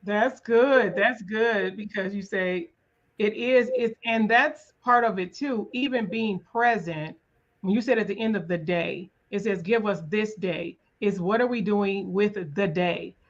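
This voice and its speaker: A woman hosts an interview in an earnest, thoughtful manner, asking questions and reflecting aloud. Her voice sits at a middle pitch, and the recording sounds dull and lo-fi. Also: a little slow. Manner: earnest, thoughtful, faith-minded. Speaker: podcast host. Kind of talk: conversational interview.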